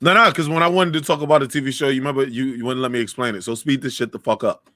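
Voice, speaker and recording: A man co-hosting a comedy podcast who rants in a heated, animated, profane way. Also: mid-range voice, rapid-fire, dry recording, studio quality. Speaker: podcast co-host. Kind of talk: casual comedic chat.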